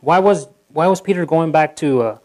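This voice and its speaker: A pastor giving a sermon in church, talking in a loose conversational way with asides to the congregation and acting out quotes. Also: male voice, a little high, normal speed, poor audio. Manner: animated, acting out quotes in a livelier voice.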